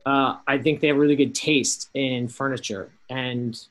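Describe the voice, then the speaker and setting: A man's voice: mid-range voice, steady tone, moderate pace, a bit bright. A man co-hosting a podcast in casual chat over a video call, rambling with fillers and restarts. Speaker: podcast co-host.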